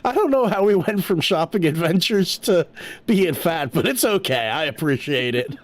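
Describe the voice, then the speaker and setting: A man's voice: on the high side, lively intonation, moderate pace. A man from Pennsylvania telling self-deprecating stories in casual chat as a livestreamer, laughing often.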